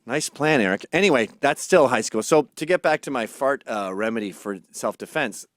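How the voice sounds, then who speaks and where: A man from Scotland hosts a comedy podcast, spinning crude stories and playing other characters' voices. His mid-range voice is animated and moves at a moderate pace, captured dry in clean studio sound.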